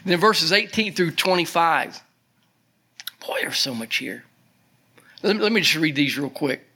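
A man's voice: fairly high pitch, lively intonation, a little slow, pushed and bright, breathy edge. A man, a pastor giving a folksy radio Bible study sermon. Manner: folksy, chatty asides and laughter.

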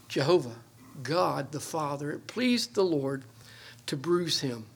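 Husky preacher man. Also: a little high, expressive, a little slow. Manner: folksy, earnest preaching with emphatic swells and soft drops. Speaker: pastor. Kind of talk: sermon.

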